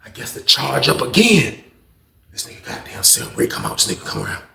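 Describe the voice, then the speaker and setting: A man spins a casual storytime with lively swings in pitch, his voice gravelly and rough at the edges. He slips into the voices of the people in his tale and talks in loose slang. The sound carries a roomy echo. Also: a little fast. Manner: animated, slangy storytelling with acted-out quotes.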